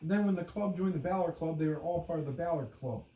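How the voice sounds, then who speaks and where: A man's voice: fairly high pitch, quick pace, recorded from a distance, phone-quality sound. A man co-hosting a casual wrestling podcast, joking and rambling with plenty of fillers. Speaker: podcast co-host. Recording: echoey room, voice off-mic.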